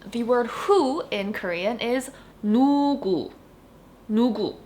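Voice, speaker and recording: A woman's voice: a little high, expressive, darkish tone, slight background noise. Chatty woman teaching Korean. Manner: chatty, explains with "like" and "you know"; says Korean examples slowly and clearly, then repeats them. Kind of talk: casual online lesson.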